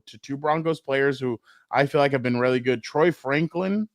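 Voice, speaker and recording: A man co-hosting a casual sports talk show, telling stories with animated, profane banter and acting out quotes. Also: mid-range voice, moderate pace, no room sound, studio quality. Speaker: co-host.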